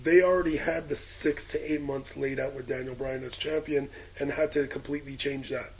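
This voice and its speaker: A man's voice: medium pitch, steady tone, brisk, rough recording. A man co-hosting a casual wrestling podcast, cracking jokes and swearing casually. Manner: wisecracking, casual profanity. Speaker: podcast co-host.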